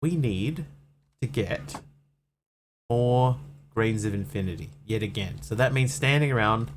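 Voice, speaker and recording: A man's voice: medium pitch, animated, unhurried, a little hiss or hum. A man streaming a game, talking through what he is doing in a rambling, thinking-aloud way with plenty of fillers. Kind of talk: casual gameplay commentary.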